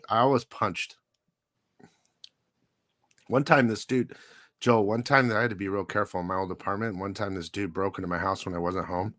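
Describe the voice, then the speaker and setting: A man's voice: medium pitch, bright, forceful tone, no echo. A man hosting a live comic book show, telling a story casually with profanity, frequent laughs and lots of "dude".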